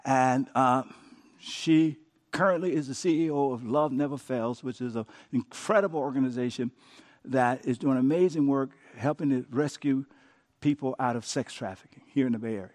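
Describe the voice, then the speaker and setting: A man preaching a sermon as pastor, swinging from loud emphatic lines down to soft whispers. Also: mid-range voice, moderate pace.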